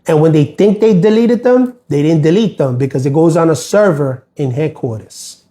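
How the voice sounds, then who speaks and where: A middle-aged man talks through a casual livestream, aggrieved and rambling, stumbling over fillers and restarts. His voice sits a little high for a man, with a mellow, dark tone. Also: expressive, normal speed. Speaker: postal worker livestreaming.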